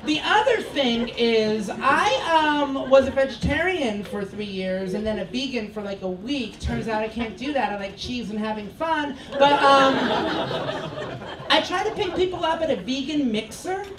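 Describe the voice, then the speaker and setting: A man in his thirties works a comedy club crowd with a campy, sassy stand-up set, his voice sitting unusually high. He is caught from a distance in a roomy, echoing space. Loud laughter and club noise fill the gaps. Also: animated, normal speed. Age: 30s. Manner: campy, sassy, flamboyant delivery. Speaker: stand-up comic. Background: audience laughter and club chatter.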